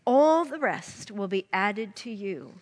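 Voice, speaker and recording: Woman, devotional bible teaching, earnest, unhurried, long reverb. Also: medium pitch, expressive. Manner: earnest, reads scripture aloud.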